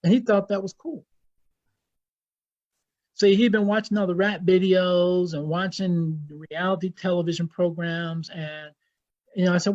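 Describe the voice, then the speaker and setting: A man's voice: sits high, steady tone, measured pace, long pauses, a little mellow, highs cut off. A man with an American accent, a guest Islamic scholar speaking in an impassioned, blunt way and repeating himself for emphasis. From United States. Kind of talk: impassioned interview talk.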